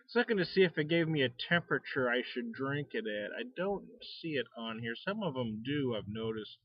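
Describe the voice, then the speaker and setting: A man's voice: medium pitch, lively intonation, fairly quick, no room sound, highs cut off. An American man hosting a casual beer tasting vlog, sitting out back and talking in a folksy, rambling way with frequent chuckles. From United States. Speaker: beer reviewer. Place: outdoors out back.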